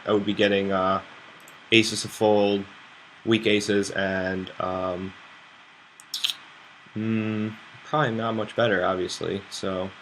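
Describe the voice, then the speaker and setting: A man's voice: fairly low pitch, little pitch movement, slow, pauses often, a bit bright, a little hiss or hum. A man from the United States streaming online poker, rambling and thinking aloud about his hands with self-mocking asides. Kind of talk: live game commentary.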